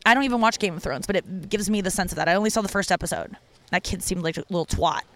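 A woman's voice: fast talker, slight background noise. A woman stand-up comedian tells a personal story in a loose, rambling monologue. She is frank and crude, and her sentences are full of "like" and restarts. Her voice leaps up animatedly whenever she quotes someone. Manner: candid, profane, heavy use of "like" fillers; animated when quoting people, with big pitch jumps.

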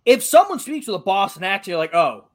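A man's voice: high voice, very animated, quick pace. A young man from Massachusetts with a light local accent, co-hosting a podcast in casual, joking chat and swearing freely. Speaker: podcast co-host.

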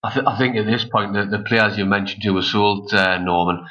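A man's voice: fairly low pitch, fairly even intonation, fairly quick, pushed and bright, lo-fi sound, a little hiss or hum. A man co-hosting a casual fan podcast, making his point emphatically.

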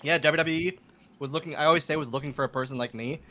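A man guest on a podcast, telling casual stories in an animated way. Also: fairly high pitch, fast talker. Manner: animated, laughing storyteller. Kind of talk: casual storytelling.

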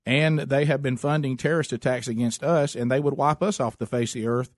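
A man's voice: medium pitch, fairly even intonation, a little fast, no echo, studio quality. A man hosting a political talk show, speaking emphatically and often repeating words as he starts a thought. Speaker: talk radio host.

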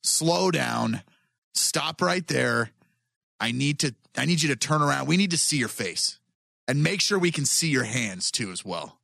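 A man's voice: mid-range voice, lively intonation, brisk, vocal fry, sharp tone, no echo, clean studio sound. A man player in a tabletop role-playing game who jokes and stammers, often speaking in character. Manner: joking, stammering.

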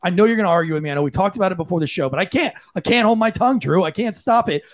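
Male podcast co-host, ex-cop, blunt profane rant, high-pitched voice. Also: expressive, rapid-fire. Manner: blunt, profane, impassioned ranting. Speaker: podcast co-host, former police officer. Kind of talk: heated opinion commentary.

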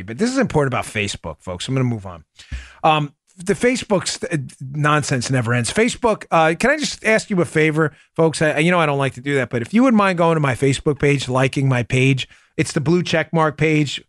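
Male podcast host, emphatic, combative, slightly high voice, dry close mic. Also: animated, brisk, no room sound. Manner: emphatic, combative, addresses listeners as folks. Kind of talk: political commentary.

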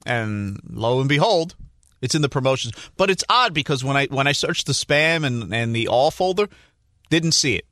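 Bright-voiced man rambling good-naturedly. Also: medium pitch, lively intonation, normal speed, no room sound, studio quality. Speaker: radio show regular. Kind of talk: casual sports radio banter.

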